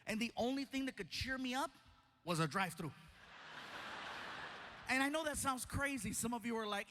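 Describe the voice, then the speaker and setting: A man performing stand-up, telling a story in an animated, playful way and acting out voices. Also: very high-pitched, brisk. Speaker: stand-up comedian.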